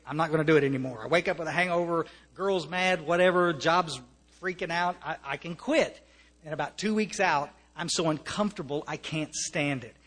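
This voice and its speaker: An American man speaks earnestly to a recovery meeting, with a fairly high voice. He restarts his sentences often and slips in wry humor. His voice carries a long reverb from a meeting hall. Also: bright, forceful tone, slightly rough. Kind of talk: personal testimony to an audience.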